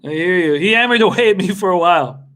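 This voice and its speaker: Bright, excitable young man streaming live. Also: high voice, fast talker. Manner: excitable, laughs often, chats with viewers by name. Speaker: livestream host betting on horse races. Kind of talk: casual live-stream commentary.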